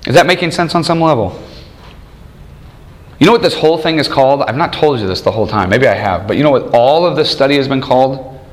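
This thirty-something man teaches a church study group in an animated, fast-talking way at medium pitch. Rhetorical questions pile up, and he chuckles often through his stories.

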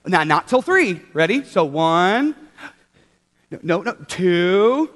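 A young man leading a children's church talk, upbeat and animated, coaxing the kids to join in. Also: high voice, slow pace. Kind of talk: children's sermon. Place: large church hall with children. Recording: hall reverb.

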